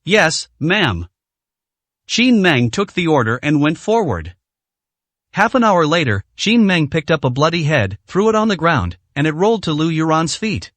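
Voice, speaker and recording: A man narrating a translated web novel with an even, steady reading manner. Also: a little high, moderate pace, dry recording. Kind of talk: scripted story narration.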